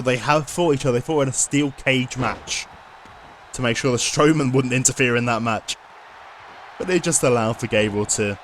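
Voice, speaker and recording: A man giving lively play-by-play commentary over a wrestling video game, often bursting into loud excited shouts. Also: medium pitch, a little hiss or hum.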